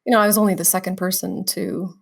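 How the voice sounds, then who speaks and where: A woman's voice: fairly low pitch, fast, vocal fry. A woman from Canada, a stage actress, telling stories as an interview guest and now and then acting out the people she quotes. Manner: animated, breaks into quoted voices and laughter. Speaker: guest, musical theatre actress. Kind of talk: interview storytelling.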